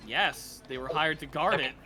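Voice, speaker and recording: A man's voice: a little high, moderate pace, music in the background. A man running a tabletop game as game master, laughing often and swearing casually as he makes rulings.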